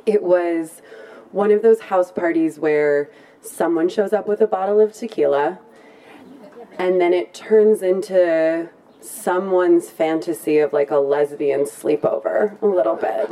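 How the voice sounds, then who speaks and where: A woman's voice: fairly low pitch, dark tone. A woman telling a funny personal story at a live storytelling event, chatty and playful, often laughing as she talks.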